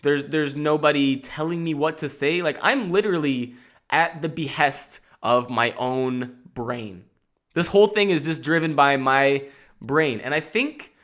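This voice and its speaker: Brief: young guy, podcast host, bright, forceful voice sitting a bit high, rambling, self-mocking stand-up-style chat. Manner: animated, rambling, swears freely, self-mocking. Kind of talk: casual comedic monologue.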